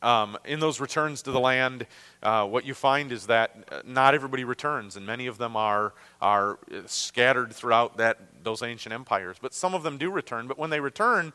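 A man with a Great Lakes American accent teaches a Bible lesson in a relaxed, conversational style, frequently stopping on fillers and starting his sentences over. His mid-range voice is clear, bright and resonant, and it carries, ringing out with a long reverb like a large hall.

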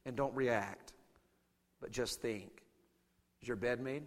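A man preaching a sermon to a congregation. He drops to hushed asides, shouts out acted battle cries, and keeps asking the crowd to answer him. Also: mid-range voice, takes it slowly, in a large hall. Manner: calls out to the congregation for responses.

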